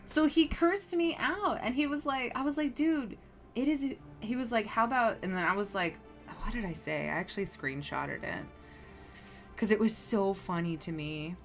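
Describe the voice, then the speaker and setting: A woman streamer chatting casually while playing, rambling and animated, full of fillers as she tells a story. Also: a little high, moderate pace, faint music behind. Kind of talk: casual gameplay commentary.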